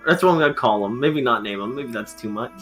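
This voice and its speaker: Bright-voiced, jokey male gamer. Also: mid-range voice, quick pace, faint music behind. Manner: rambling and jokey, many fillers. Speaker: player. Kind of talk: casual tabletop game play.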